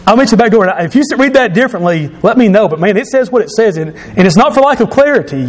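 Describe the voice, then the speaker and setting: A pastor preaching a sermon to his congregation, emphatic and rising to shouts at his key points. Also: sits high, expressive, fast. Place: church sanctuary. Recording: long reverb of a church hall.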